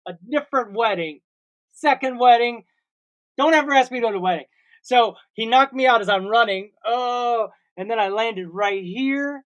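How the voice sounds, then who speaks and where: A man in his forties co-hosts a casual comedy podcast, rambling through a long story peppered with made-up sound words. His voice is extremely high and fairly bright, at a normal speed.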